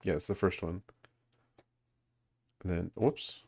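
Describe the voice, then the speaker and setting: A man's voice: low-pitched, steady tone, slow pace, gravelly, a little mellow, breathy edge. A man leading a language study group, explaining grammar casually with many fillers and restarts. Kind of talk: casual teaching over a call.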